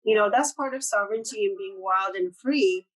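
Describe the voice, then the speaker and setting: A woman's voice: mid-range voice, moderate pace, poor audio. Reflective woman hosting an interview. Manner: supportive, reflective, many fillers. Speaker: host. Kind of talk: casual interview chat.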